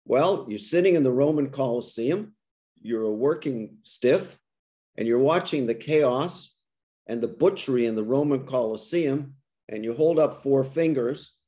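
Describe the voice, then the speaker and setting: A man's voice: mid-range voice, lively intonation, a little slow, warm tone. An older man, a rabbi, gives a reflective interfaith talk over a video call, often restarting his phrases and then posing rhetorical questions to his listeners. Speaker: rabbi and guest speaker.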